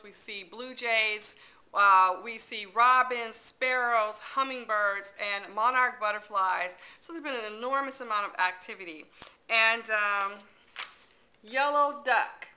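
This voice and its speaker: A middle-aged woman with a bright, clear voice that sits a bit high, telling a chatty story as a library storyteller. She is animated, laughs often and acts out her own lines. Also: unhurried. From Detroit, USA.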